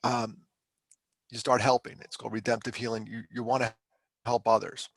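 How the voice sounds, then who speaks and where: A man's voice: mid-range voice, little pitch movement, normal speed, gravelly, no echo. A middle-aged man from Pennsylvania, a podcast guest and mental health speaker, telling his story candidly in a conversational, emotional, self-deprecating way.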